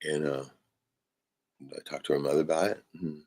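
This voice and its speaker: A man's voice: a bass voice, steady tone, moderate pace, darkish tone. A man on a live stream venting in a rambling way, swearing often and tagging "right?" onto his sentences. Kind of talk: casual venting monologue.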